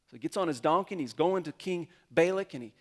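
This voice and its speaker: Pastor guy preaching, kinda high voice, acts out all the quotes as he tells the story. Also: fast. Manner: storytelling sermon with lively acted-out quotes. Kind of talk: sermon.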